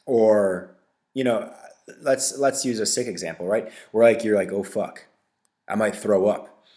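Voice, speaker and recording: A man's voice: mid-range voice, a little mellow. A man hosts a solo podcast in a mid-range voice, ranting casually and bluntly. He swears often and scatters fillers and tag questions through his talk. It sounds like off-the-cuff chat rather than a script. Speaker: podcast host.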